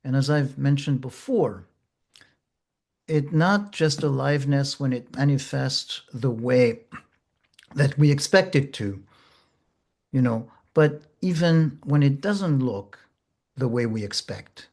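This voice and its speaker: A man teaching therapists in a slow, gentle, measured way, pausing often. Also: medium pitch. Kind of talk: reflective teaching talk.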